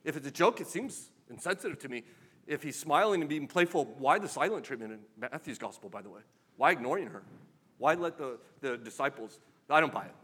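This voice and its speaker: A man's voice: high voice, a bit bright, husky. A man preaching a sermon in a conversational, wry way, pressing his points with emphatic questions. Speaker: pastor.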